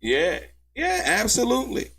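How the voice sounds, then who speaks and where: A male host runs a live commentary show on trial testimony, speaking in an animated, emphatic, slangy way and calling out to viewers by name. His voice is very high-pitched and a little slow, with vocal fry and a faint hiss or hum in the audio.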